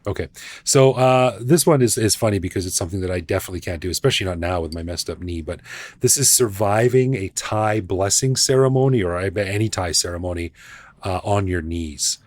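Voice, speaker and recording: Man from canada, low voice, joking podcast co-host, dry close mic. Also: a little fast, darkish tone, no echo. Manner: easygoing, joking. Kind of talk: casual chat.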